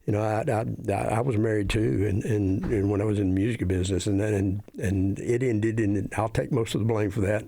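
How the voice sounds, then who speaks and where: A middle-aged man speaks as a guest in a casual interview. His voice sits somewhat low and sounds dry and close. He talks haltingly, repeating words as he gets going. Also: steady tone, vocal fry, mellow, no room sound. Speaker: wrestling referee, guest.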